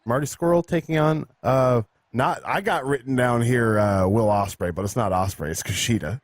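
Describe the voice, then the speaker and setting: A man's voice: medium pitch, moderate pace, no echo, clean studio sound. A man co-hosting a podcast, laid-back, making mumbled asides in casual chat. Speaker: podcast co-host.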